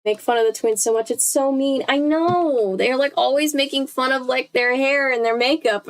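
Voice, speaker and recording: A woman's voice: high voice, normal speed, hardly any pauses. A woman reading a book aloud, breaking off often to react and laugh. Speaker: host.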